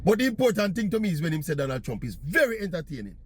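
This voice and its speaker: A man's voice: on the high side, very animated, rapid-fire. A man from Jamaica with a Jamaican accent, chatting in patois as he tells a casual story. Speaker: vlogger.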